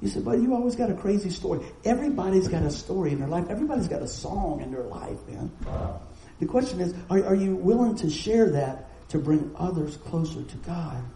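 A middle-aged man, preaching a sermon in a folksy, storytelling way with quick asides. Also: sits high, lively intonation, mellow, reverberant, slight background noise, rough recording. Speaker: pastor.

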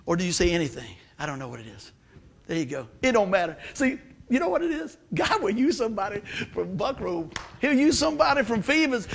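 A male preacher delivers a sermon with a high, husky voice. He speaks in a folksy, plain way and hammers his points home by repeating words. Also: fairly bright tone.

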